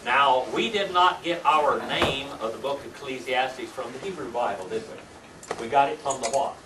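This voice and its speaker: A man's voice: medium pitch, normal speed, recorded from a distance. An older man teaching a Sunday school Bible class, quizzing his students with folksy tag questions. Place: church classroom. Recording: echoey room recorded from afar, faint hiss.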